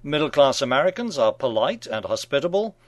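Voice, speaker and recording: A man's voice: mid-range voice, sing-song, fairly quick, dry recording. A middle-aged man hosting a radio show, reading scripted satirical commentary in a wry, mock-genial manner.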